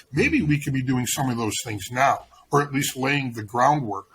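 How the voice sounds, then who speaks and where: A man's voice: medium pitch, very animated, normal speed, hardly any pauses, a bit bright, a little hiss or hum, low-quality recording. A man speaking as a guest on an interview, rambling with many restarts as he explains his coaching approach. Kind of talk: casual interview conversation.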